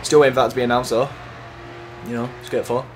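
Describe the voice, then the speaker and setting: A man casually commentating his racing gameplay, chatty and excitable, cursing at the game. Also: mid-range voice, fast talker, noisy background. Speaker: gaming YouTuber. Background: game music.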